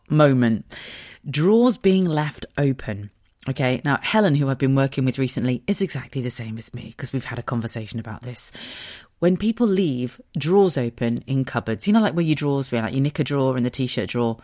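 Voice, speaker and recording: A woman with a notably low, deep-set voice chats on her own podcast. She is candid and sweary, and pokes fun at her own quirks as she talks. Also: expressive, fast, a little mellow. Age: adult. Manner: candid, self-mocking, sweary. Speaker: podcast host. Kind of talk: casual solo podcast chat.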